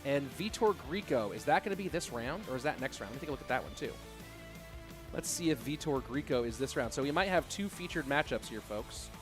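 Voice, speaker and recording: A man casting a live esports match, excitable and incredulous, often breaking into laughter. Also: medium pitch, fairly quick, music in the background. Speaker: esports caster.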